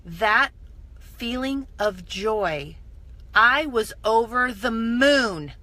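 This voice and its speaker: A direct-sales business mentor livestreams from her phone, her slightly high voice delivering an enthusiastic, emphatic motivational talk at an extremely slow pace with a sharp tone. She keeps repeating her points, letting the energy build through that repetition.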